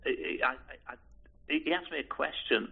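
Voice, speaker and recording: Older man, Liverpool-raised interviewee, husky and halting, tinny phone-like audio. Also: on the high side. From Liverpool, England. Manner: halting, hesitant, many restarts and repeated words. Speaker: oral history interviewee. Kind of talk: reminiscing in an interview.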